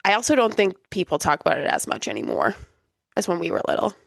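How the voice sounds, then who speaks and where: A woman co-hosting a podcast in easy, agreeable casual chat. Her voice has a strong gravelly fry. It is recorded close and dry. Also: fairly low pitch, dry recording. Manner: relaxed, agreeable replies and quick comments. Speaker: podcast co-host.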